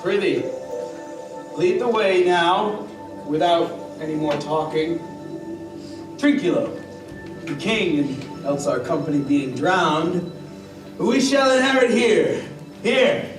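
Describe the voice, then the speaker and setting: A man's voice: high voice, lively intonation, slow, pauses often. A man playing a blustering drunk butler. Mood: tipsy. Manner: boisterous, tipsy, blustering. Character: drunken swaggering male butler, adult. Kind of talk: live stage acting. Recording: echoey, distant stage mic with music.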